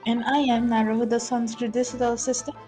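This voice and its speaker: A woman voicing a polite young female legal assistant, formal and measured. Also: a little high, flat delivery, warm tone, soft background music, close to an everyday voice.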